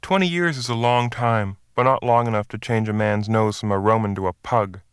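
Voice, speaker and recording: A man's voice: on the low side, fairly even intonation, brisk, clean tone, no room sound, studio quality, lightly acted. A man reading as a boastful Western drifter. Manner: hearty, self-assured storytelling. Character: boastful middle-aged man from the West, waiting.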